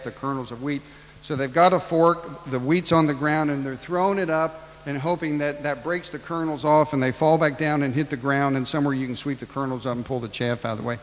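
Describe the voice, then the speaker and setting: A man preaching a sermon, acting out Bible dialogue in his own voice and swinging between loud and hushed. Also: mid-range voice, in a large hall, low-quality recording. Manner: preaching with acted-out Bible dialogue, rising and falling in volume. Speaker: pastor.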